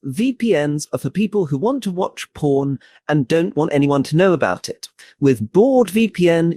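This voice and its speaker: A chirpy, know-it-all podcast co-host voiced by a man, pitched a little high and bouncing all over the place as he reads ads and talks down to his listeners. The sound is dry and close-miked. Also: dark tone, no room sound. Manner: upbeat ad-read delivery, patronizing explanations. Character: chirpy male podcast co-host, condescending explainer. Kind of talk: satirical podcast parody.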